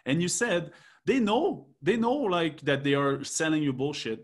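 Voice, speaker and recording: A man's voice: fairly high pitch, a little slow. A man co-hosting a podcast, talking reflectively with hesitant restarts. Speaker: podcast co-host. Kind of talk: casual chat.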